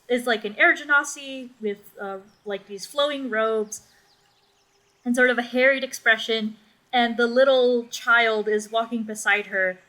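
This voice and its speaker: A woman's voice: on the high side, sharp tone, poor audio. A young woman narrating as game master in a casual, rambling way.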